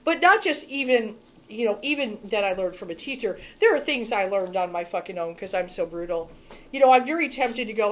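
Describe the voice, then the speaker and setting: A woman's voice: medium pitch, lively intonation, a little fast. A woman spiritual reader talking casually to camera in a blunt, emphatic, heavily profane way.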